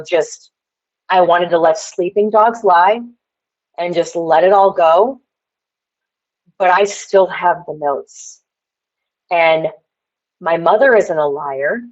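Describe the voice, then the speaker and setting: With a fairly low voice and the high frequencies cut off, a woman rants casually as a livestream guest. She wanders through a rambling story while addressing the chat directly.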